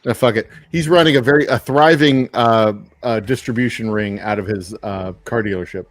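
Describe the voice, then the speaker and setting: A man's voice: lowish voice, moderate pace, no echo, faint music behind. Laid-back man from Texas chatting. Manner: laid-back, rambling, chuckles often. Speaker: distiller and show host. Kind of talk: casual live-stream chat.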